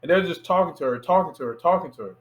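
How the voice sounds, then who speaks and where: A man in his thirties from Miami, a filmmaker guest telling a lively anecdote in a casual interview and acting out the voices of people in it. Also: fairly high pitch, racing, poor audio. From Miami, USA. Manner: animated anecdote teller who acts out quoted voices.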